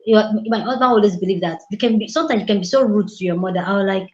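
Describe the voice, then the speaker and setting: A woman hosting a casual chat and telling stories in an animated way, slipping into other people's voices as she goes. Her voice sits at a middle pitch. The sound is roomy and a little muffled. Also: very fast. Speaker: host. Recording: roomy, slightly dull sound.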